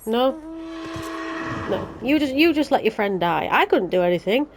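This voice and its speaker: A woman's voice: fairly high pitch, very animated, normal speed, background noise. Sarcastic, ranting Yorkshire woman. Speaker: let's play host. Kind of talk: casual game commentary.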